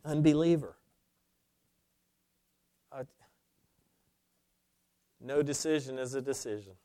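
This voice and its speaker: A man preaching a sermon, swinging between loud, emphatic declarations and hushed, low asides. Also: slow, no echo. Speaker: pastor.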